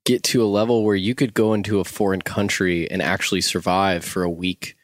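A man with a fairly low voice co-hosts a casual podcast from a van. He rambles and plays with words, and the sound is dry and close-miked. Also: level tone, fairly quick, dry recording. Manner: wordplay, chatty, rambling. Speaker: podcast co-host. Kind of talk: casual chat. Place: inside a van.

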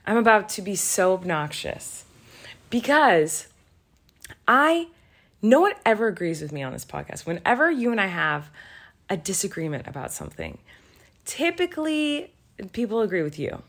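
A woman's voice: mid-range voice, normal speed, pauses often. A woman in her thirties co-hosting a podcast in casual chat, rambling and sleepy, with yawns in her talk. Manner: rambling, animated, sleepy and yawning. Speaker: podcast co-host.

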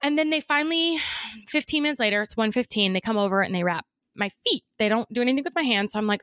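A woman's voice: fast talker, no room sound, studio quality. A woman co-hosting a podcast in casual chat, telling stories with lots of energy and acting out the other people's lines. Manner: animated storytelling, acting out dialogue in higher voices. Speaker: podcast co-host.

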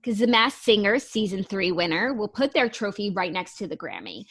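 A woman's voice: mid-range voice, sing-song, normal speed, fairly bright tone, slightly rough. A woman co-hosting a casual pop-culture podcast, reading news items aloud and chatting about them. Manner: reads news stories aloud, then chats about them. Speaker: podcast co-host.

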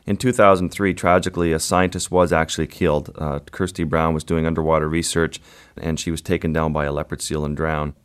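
A man with a deep, low voice recounts an adventure in the water as an interview guest. He tells it vividly and without hurry. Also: little pitch movement. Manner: vivid, unhurried storyteller. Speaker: wildlife photographer guest. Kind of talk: storytelling interview.

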